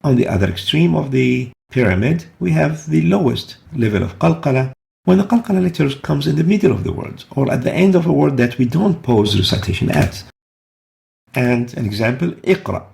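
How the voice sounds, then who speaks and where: Patient male teacher, gravelly voice. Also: medium pitch, expressive, a little mellow. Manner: patient, repeats example words slowly. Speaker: Quran recitation teacher. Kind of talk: explaining tajweed rules step by step.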